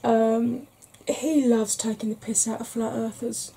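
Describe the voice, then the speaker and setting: A Welsh woman chatting frankly in a soft-spoken ASMR vlog, rambling with fillers. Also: fairly high pitch, steady tone, measured pace, vocal fry, breathy edge. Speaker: ASMR vlogger.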